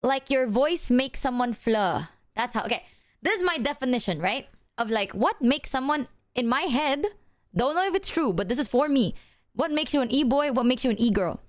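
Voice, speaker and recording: A woman's voice: sits high, expressive, normal speed, no room sound, studio quality. A woman streamer chatting casually with her viewers in a loose, rambling way, full of filler words and swearing.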